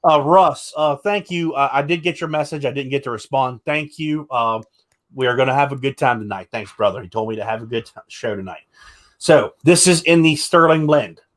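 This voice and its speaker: A man's voice: medium pitch, a little fast. A young adult man hosting a casual livestream, joking with guests and showing products. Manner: chatty, joking, shows products. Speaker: livestream host.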